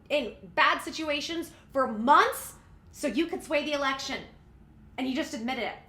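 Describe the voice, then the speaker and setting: A woman rants in a heated, sarcastic way, firing back at every quote she reads. Her voice is high-pitched, bright and sharp. The room around her has a clear echo. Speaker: political commentary vlogger. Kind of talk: heated casual commentary.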